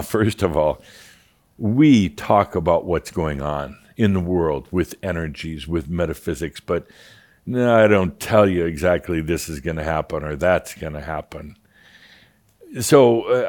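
A man's voice: deep voice, unhurried, a little mellow. A man speaking as a channeled spirit teacher, wry and theatrical, mimicking his callers with a chuckle.

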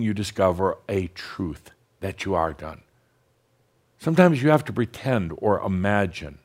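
A man giving a channeled spiritual talk to an audience, blunt and teasing, slowing down to guide deep breaths. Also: darkish tone. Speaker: spiritual teacher channeling a master.

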